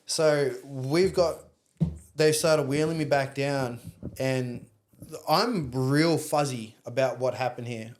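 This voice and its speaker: Australian man, young adult, podcast guest, rambling storyteller, swears freely, mid pitch. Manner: candid, profane, rambling storyteller. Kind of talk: casual storytelling interview.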